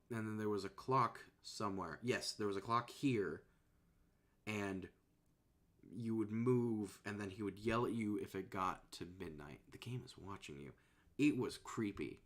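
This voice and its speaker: A man streaming and chatting casually at a desk microphone in a rambling, laid-back way that often trails off softly. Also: fairly low pitch. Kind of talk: casual chat.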